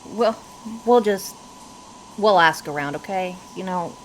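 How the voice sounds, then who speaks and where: A woman's voice: on the low side, unhurried, slight background noise, low-quality recording. A woman playing a crew member in a tabletop game, making wry, joking asides. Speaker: player. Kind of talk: in-character tabletop role-play.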